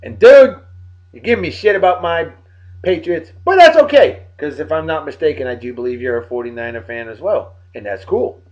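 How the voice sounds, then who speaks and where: A tired man giving joking, animated shout-outs to friends in a casual vlog. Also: fairly high pitch, normal speed. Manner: animated, joking sports banter. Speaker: vlog host. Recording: dull lo-fi recording.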